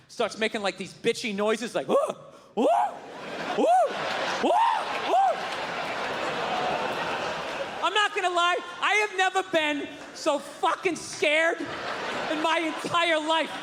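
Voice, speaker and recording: A man doing stand-up comedy, ranting loudly with profanity and shouted punchlines, on a stage before a live audience. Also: very high voice, long reverb tail. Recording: live club with crowd laughter and noise.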